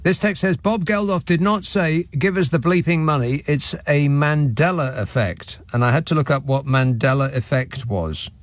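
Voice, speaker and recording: A man's voice: on the high side, moderate pace, hardly any pauses, no room sound. Guy hosting a late night phone-in, dry self-mocking jokes, studio mic. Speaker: radio phone-in host. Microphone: studio microphone.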